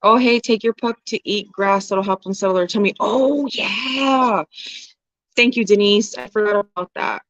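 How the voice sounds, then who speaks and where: A woman's voice: mid-range voice, normal speed, fairly bright tone, no room sound. Woman in her forties, livestream host, candid and casual, laughs a lot, dry close sound with a dull edge. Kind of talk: casual livestream chat reading comments.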